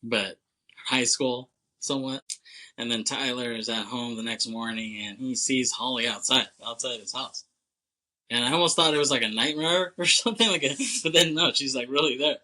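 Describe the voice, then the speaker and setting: A man co-hosting a podcast, recapping a film plot in a loose, chatty way, full of "like", quick laughs and casual swearing. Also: medium pitch, sharp tone, rough recording. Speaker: podcast co-host.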